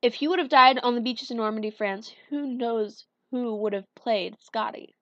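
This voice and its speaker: A young woman vlogging casually, running through a list of facts, chatty and enthusiastic, with fillers and quick self-corrections. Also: fairly high pitch, bright, forceful tone, no room sound, lo-fi sound. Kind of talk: casual countdown vlog.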